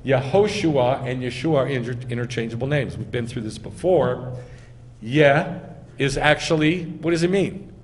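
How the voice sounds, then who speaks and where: A rabbi delivers a teaching sermon in a medium-pitched voice at a moderate pace, explaining things step by step and quizzing the audience. The recording comes from an echoey hall with faint background noise.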